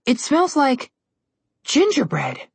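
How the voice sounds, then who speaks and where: A woman voicing an impulsive, excited young girl in a storybook reading, with high, eager, drawn-out exclamations. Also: vocal fry, no echo, exaggerated voice. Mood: curious.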